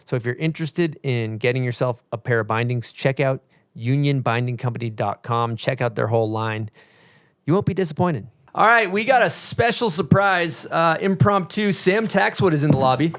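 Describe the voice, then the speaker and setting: A man's voice: medium pitch, animated, moderate pace, fairly bright tone, no echo. Upbeat male podcast host, mid-range voice, close dry studio mic. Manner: upbeat, laughs often. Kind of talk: casual podcast chat and ad read.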